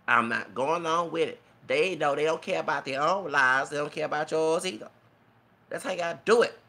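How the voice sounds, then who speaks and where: A man's voice: fairly high pitch, pushed and bright, slightly rough. A man giving an emotional, preachy, rambling rant as a vlogger. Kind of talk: impassioned rant to camera.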